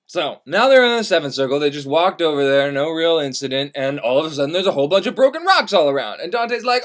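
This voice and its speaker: Man, comic storyteller, casual, profane, wry asides, fairly high voice. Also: animated, fast, hardly any pauses, a bit bright. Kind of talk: irreverent comic retelling of a classic.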